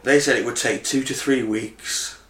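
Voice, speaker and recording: A man's voice: medium pitch, steady tone, normal speed, a bit bright, reverberant, slight background noise. A man co-hosting a podcast in casual chat, easygoing and trusting. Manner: easygoing, trusting, says "innit". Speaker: podcast co-host.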